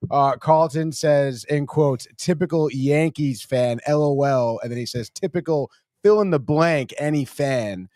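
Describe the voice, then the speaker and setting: A man's voice: fairly high pitch, unhurried, hardly any pauses, darkish tone, dry recording, studio quality. A man co-hosting a sports podcast, easygoing and laughing often as he reads out viewer comments. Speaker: podcast producer and co-host.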